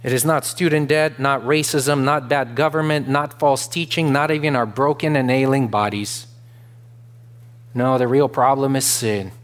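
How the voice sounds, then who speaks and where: A man delivers a sermon to his congregation in a steady, mid-pitched voice. He speaks earnestly, often restarting a phrase, and climbs into loud, emphatic declarations when he drives a point home. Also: normal speed. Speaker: pastor.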